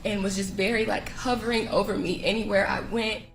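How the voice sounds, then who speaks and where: A woman recounting events in an interview, halting and emotional as she speaks. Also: mid-range voice, flat delivery, reverberant, faint music behind, poor audio. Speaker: interviewee, friend of the victim.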